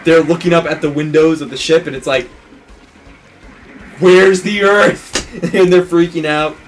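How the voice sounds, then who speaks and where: A man's voice: fairly high pitch, fairly even intonation, fairly quick, a little hiss or hum. A man co-hosting a let's play, casually retelling a film plot in a rambling way, with many restarts and acted-out quotes.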